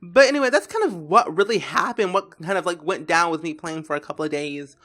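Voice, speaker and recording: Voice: medium pitch, brisk, fairly bright tone. Rambling gameplay commentator, full of fillers. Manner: rambling, filler-heavy, frequent restarts.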